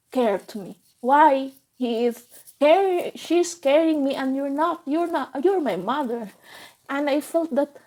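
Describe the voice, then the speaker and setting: A woman telling a painful personal story in halting, emotional bursts, with frequent restarts. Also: fairly high pitch, mellow, poor audio. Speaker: vlogger.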